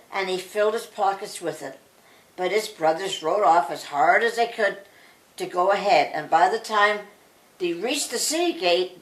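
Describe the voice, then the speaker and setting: Older woman, bedtime storyteller, lively voice, roomy echo. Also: medium pitch. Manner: expressive reading aloud.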